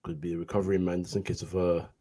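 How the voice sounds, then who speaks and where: Man, young, low voice, casual live football play-by-play, chatty. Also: flat delivery, very fast, warm tone. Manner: chatty play-by-play, calls players by name. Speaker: co-commentator.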